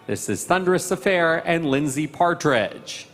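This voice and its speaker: A man's voice: fairly high pitch, animated, unhurried, a bit bright, soft background music. A man announcing award winners at a live horse show ceremony in a formal, ceremonial way. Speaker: event announcer. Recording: long hall reverb.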